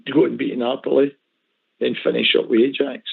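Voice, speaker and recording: A man's voice: medium pitch, level tone, brisk, gravelly, husky. A man calling in to a fan radio show, emphatic and passionate. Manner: emphatic, passionate about football. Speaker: regular caller. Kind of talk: casual phone-in chat. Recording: phone-line call audio.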